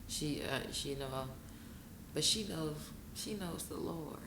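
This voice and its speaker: Low-voiced woman telling her story with feeling. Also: unhurried, creaky. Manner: emotional, bursts into laughing high-pitched retellings. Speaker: guest. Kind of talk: candid interview storytelling. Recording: echoey room with noticeable noise.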